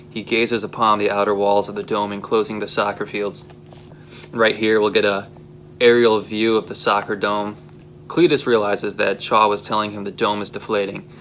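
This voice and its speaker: A man's voice: fairly low pitch, fairly bright tone, a little hiss or hum. A young man casually reading aloud his own short story script, with a few fillers. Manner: plain, casual read with occasional fillers.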